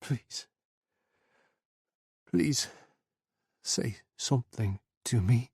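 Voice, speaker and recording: A man voicing a badly wounded, dying man who speaks in weak, breathy whispers. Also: medium pitch, animated, very slow, darkish tone, no echo, clean studio sound, heavily acted. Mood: fading.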